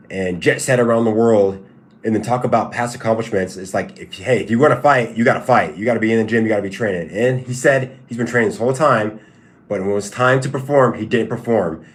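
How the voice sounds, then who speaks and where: A man's voice: medium pitch, brisk. A man hosting a casual livestream who answers chat questions in a repetitive, stop-start, emphatic way. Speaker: livestream host and fighter.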